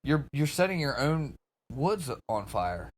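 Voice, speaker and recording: A man's voice: fairly high pitch, sing-song, measured pace. Blunt, emphatic podcast guy. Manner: blunt and emphatic, swears freely. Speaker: podcast co-host. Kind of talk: casual book discussion.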